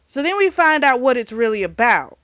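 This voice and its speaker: A woman reviewing a book in casual chat, retelling the plot in a chatty, animated way. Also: fairly high pitch, brisk, dry recording. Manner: chatty, animated retelling with acted quotes and laughs.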